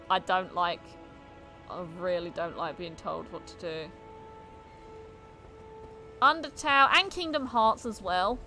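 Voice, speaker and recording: A chatty woman game streamer with a bright, forceful voice, talking casually to her viewers as she plays. Game music plays faintly behind her. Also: mid-range voice. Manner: chatty, talks to chat while playing. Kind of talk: casual live-stream chat.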